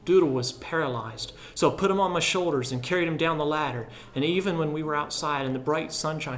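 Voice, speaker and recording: A man reads a literary story aloud in a somewhat higher-pitched voice. His delivery is measured and reflective, and he turns softer on the solemn passages. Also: slight background noise. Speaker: audiobook narrator.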